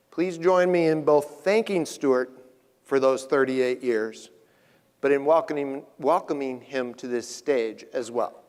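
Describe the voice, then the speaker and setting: Guy emceeing, formal intro, bit higher voice, echoey hall. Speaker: event emcee. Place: large conference hall. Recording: long hall reverb.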